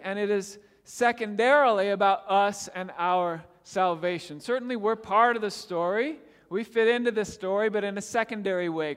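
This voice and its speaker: A man with a high-pitched voice preaches a sermon with earnest emphasis and lifts his voice on his questions. The long reverb of a church hall trails after each phrase. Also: a bit bright. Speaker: pastor. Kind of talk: sermon with scripture reading.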